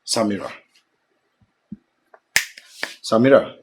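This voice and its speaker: A man's voice: fairly low pitch, animated, quick pace, noisy background, lightly acted. A Nigerian man in a film drama, talking casually and complaining. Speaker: housemate of the woman's boyfriend.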